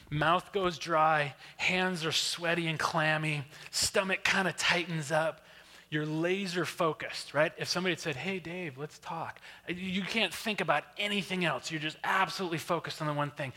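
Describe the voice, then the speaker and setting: A man giving an animated storytelling workshop talk, often checking in with the audience. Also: a little high. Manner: animated, keeps asking "right?". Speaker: workshop presenter. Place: church hall. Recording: long hall reverb.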